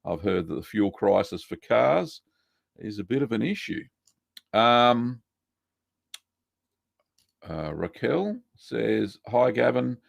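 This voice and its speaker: A man hosting a live cheesemaking Q&A, relaxed and chatty, reading out viewer messages with lots of ums. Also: medium pitch, slow, gravelly, pauses often, no echo. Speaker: cheesemaking show host answering live chat. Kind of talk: casual live-stream Q&A.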